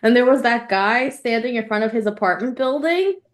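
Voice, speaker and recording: Animated young woman, podcast co-host. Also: fairly high pitch, normal speed. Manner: animated, laughs often. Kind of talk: casual chat.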